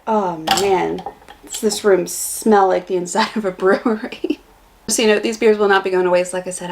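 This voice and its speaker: American girl chatting thru a beer taste test vlog, bit of vocal fry, blunt and candid. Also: medium pitch, slight background noise. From United States. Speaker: vlogger.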